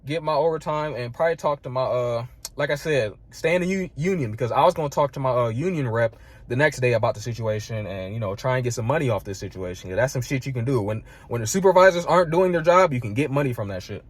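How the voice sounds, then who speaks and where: Speaking fast at a medium pitch, this young man is a vlogger telling a casual, angry story about a fight at work. He swears and peppers everything with "like" and "bro."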